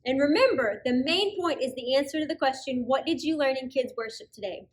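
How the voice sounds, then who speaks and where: A woman's voice: sits high, animated, fairly quick. A woman hosting an online kids' church lesson in an upbeat, encouraging way. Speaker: children's ministry host.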